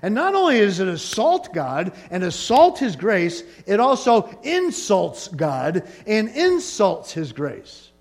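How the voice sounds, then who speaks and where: A male pastor delivering a sermon in a high, lively voice that rises and falls freely. He keeps it conversational and playful, slipping jokes between points. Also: slow pace, few pauses. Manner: joking, animated, conversational.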